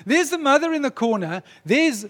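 A man preaching, retelling a story in a dramatic, animated way. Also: very high-pitched, moderate pace. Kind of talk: sermon storytelling. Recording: long reverb in a large hall.

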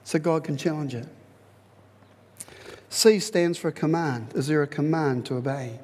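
A man preaching a sermon in a lively, conversational way, repeating phrases for emphasis. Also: a little high, unhurried, big-room sound. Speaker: pastor.

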